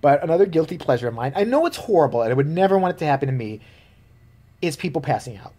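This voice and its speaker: A vlogger ranting casually to camera in a profane, animated way, laughing often. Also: mid-range voice, fast talker.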